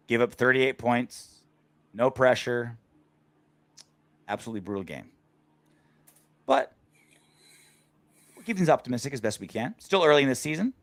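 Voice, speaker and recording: A man's voice: medium pitch, a bit bright, no echo. A man hosting a casual sports podcast, joking around with crude banter. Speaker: podcast host.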